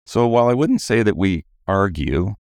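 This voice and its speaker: A middle-aged man co-hosts a podcast in casual, upbeat chat, sounding a little tired after a late flight. His voice sits very low and has a gravelly edge. The sound is dry and close to the mic. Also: lively intonation, moderate pace, a little mellow, no echo. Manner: upbeat, promotional, question-driven. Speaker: podcast co-host.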